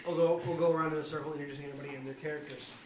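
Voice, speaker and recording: A man's voice: fairly high pitch, flat delivery, rapid-fire. A man hosting a casual tabletop game podcast with playful quips. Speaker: host and player. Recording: echoey room with faint noise.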